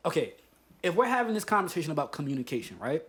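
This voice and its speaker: Animated man, profane and emphatic. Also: on the high side, rapid-fire. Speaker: podcast co-host. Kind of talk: casual chat.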